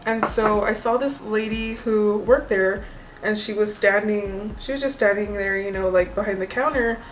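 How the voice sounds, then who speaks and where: A woman vlogging casually about makeup, telling a story in a chatty, animated way and acting out the people in it. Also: mid-range voice, moderate pace, far from the mic, slight background noise, poor audio. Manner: chatty, animated storytelling, acts out quoted voices. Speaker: beauty vlogger.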